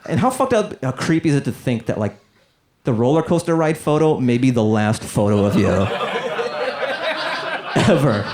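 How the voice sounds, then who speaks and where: A man's voice: medium pitch, wildly swooping pitch, measured pace, pauses often. Loose rambling male stand-up comic. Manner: loose, rambling, full of "like" fillers. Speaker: stand-up comedian. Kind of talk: stand-up set of new material. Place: comedy club stage. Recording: live comedy club with crowd laughter.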